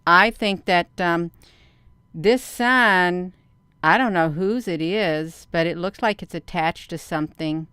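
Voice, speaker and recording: A woman hosting a casual vlog who talks excitedly to her viewers, repeats herself and sounds out of breath. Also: on the low side, slow pace, clear, resonant tone, no room sound. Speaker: video channel host.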